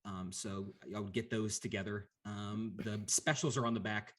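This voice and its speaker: A man's voice: lowish voice, steady tone, moderate pace, very noisy, natural voice. A man voicing a nervous male waiter who hesitates with lots of ums. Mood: flustered.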